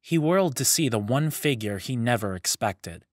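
A man narrating a fantasy story serial in a measured, even storytelling manner, close to the mic. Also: medium pitch, dry recording. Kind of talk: scripted audiobook narration.

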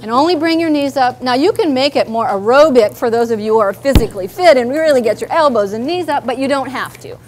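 Leading a live workshop in a meeting room, a woman therapist chats with the group and guides them through simple movements. Her high voice comes fast with hardly any pauses, and there's background noise.

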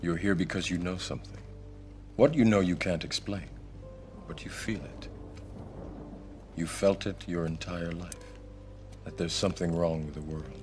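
Morpheus, a grave mentor. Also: male voice, rumbling low. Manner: slow, measured, dropping to near whispers. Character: calm, grave male mentor revealing hidden truth. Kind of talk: film dialogue.

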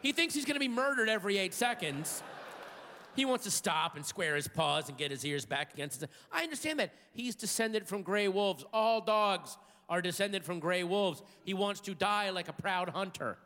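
Animated stand-up comic, bright and high. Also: male voice, moderate pace. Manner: animated storytelling, sudden shouted outbursts. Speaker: stand-up comedian. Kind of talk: stand-up comedy routine. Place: large theater stage with live audience. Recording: live hall recording with crowd.

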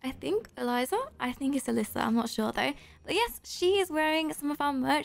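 Brief: young-sounding woman game streamer, high voice with vocal fry, bubbly, gasps and squeals a lot. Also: fairly quick, few pauses. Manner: excitable, gushing, frequent gasps and squeals; talks straight to viewers. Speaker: YouTuber host. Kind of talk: Roblox gameplay commentary.

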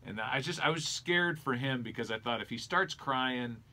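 A man's voice: mid-range voice, animated, moderate pace, sharp tone. A middle-aged man, a sports broadcaster, telling an earnest, reflective personal story in an interview. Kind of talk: conversational storytelling.

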